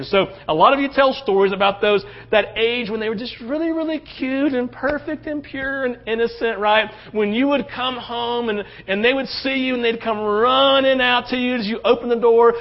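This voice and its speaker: A pastor preaching a sermon in a conversational, animated way, acting out quotes and often checking in with "right?". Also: male voice, very high voice, a little fast, few pauses, muffled recording.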